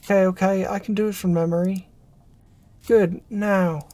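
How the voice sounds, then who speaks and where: A performer reading a narrative game aloud, voicing an excitable former research assistant who rambles and restarts mid-thought. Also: mid-range voice, moderate pace, no room sound, lightly acted. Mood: eager. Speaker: game character voice.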